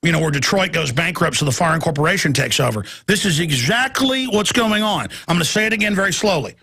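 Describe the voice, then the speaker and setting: A man's voice: a little high, expressive, quick pace, gravelly, bright, forceful tone, breathy edge. Intense ranting radio host, man. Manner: intense and ranting, with repeated phrases and stammered restarts. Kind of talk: impassioned radio monologue.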